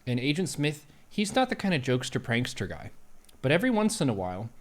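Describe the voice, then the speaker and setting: A man in the middle of his own vocal range hosts a relaxed live-stream chat. He teases his guest good-naturedly and breaks into laughter easily. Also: medium pitch, fast. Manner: playful, laughs a lot, teasing. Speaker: show host.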